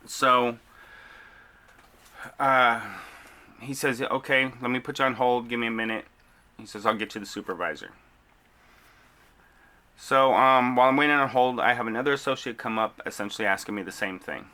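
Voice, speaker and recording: A delivery driver vents to camera, frustrated as he recounts a long back-and-forth with customer service and store staff, quoting the exchanges. His mid-range voice has a sharp tone, at a moderate pace with frequent pauses.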